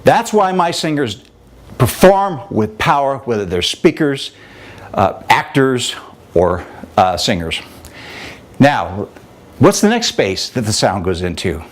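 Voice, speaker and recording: A man explaining singing technique as a vocal coach, his pitch swinging widely as he talks. His delivery is animated and demonstrative, like a teacher in the middle of a lesson. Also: takes it slowly, long pauses. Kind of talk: instructional talk with vocal demonstrations.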